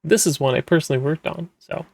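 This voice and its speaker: A man's voice: fairly high pitch, fast, creaky, a little mellow, no echo. A man who works as a manga translator, talking casually and rambling with many fillers and restarts. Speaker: manga translator, podcast host. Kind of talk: casual explanatory talk.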